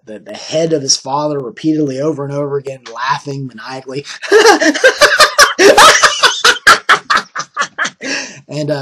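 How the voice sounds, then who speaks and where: Bright-voiced man recapping a game session. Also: medium pitch. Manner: rambling, with many fillers. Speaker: tabletop role-player.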